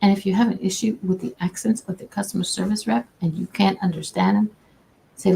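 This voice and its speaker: A woman with a mid-range, steady voice talks a little fast, with vocal fry, over a rough recording carrying a faint hiss or hum. She's a customer service agent giving casual advice on a livestream through her own camera, chatty, folksy and warm-hearted, often restarting her sentences.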